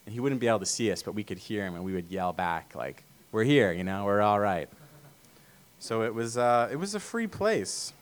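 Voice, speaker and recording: A man from Vermont giving a casual sermon talk to a church meeting, telling stories in a relaxed way with many fillers. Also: on the low side, a little fast, hardly any pauses. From Vermont, USA. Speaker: church speaker.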